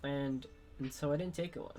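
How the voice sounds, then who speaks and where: A young man, sick at the moment, talking frankly and haltingly in a personal vlog monologue as a streamer. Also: mid-range voice, fairly even intonation, a little mellow, faint music behind.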